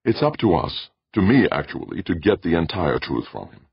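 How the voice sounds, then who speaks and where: A man voicing a measured male diplomat who speaks calmly and dryly. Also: low voice, vocal fry, husky, no room sound, full character voice. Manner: measured, dry. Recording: dull lo-fi, dry.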